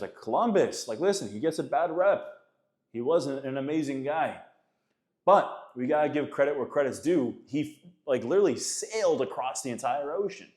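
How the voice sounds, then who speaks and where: A man in his thirties giving an emphatic, casual motivational talk on faith and self-discipline, often calling listeners guys and man. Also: mid-range voice. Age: 30s. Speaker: faith and men's coach. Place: Florida.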